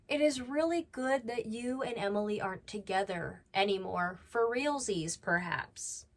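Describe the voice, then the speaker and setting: A woman hosting a reaction commentary, talking bluntly and scolding. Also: sits high. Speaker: commentary host.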